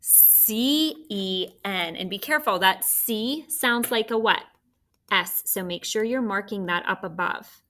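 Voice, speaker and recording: A woman teacher spells out words letter by letter for children, keeping her spelling lesson slow and deliberate. Her voice is mid-range with a fairly bright tone.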